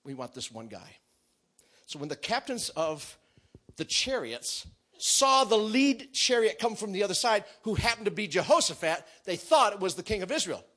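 A man delivers a sermon as lively storytelling. His voice sits high and swoops all over, and his tone is bright and edgy. He acts out the characters, moving from shouts to near-whispers. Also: moderate pace. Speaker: preacher.

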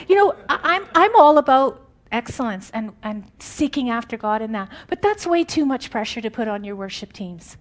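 Animated woman preaching, slightly high voice. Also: moderate pace, few pauses. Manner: animated and conversational, laughs often. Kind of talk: informal sermon.

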